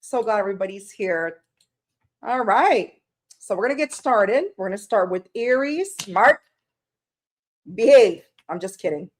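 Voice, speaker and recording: A woman's voice: mid-range voice, lively intonation, normal speed. A woman hosting a tarot livestream from her room at home, tearful and emotional as she chats casually and greets viewers by name.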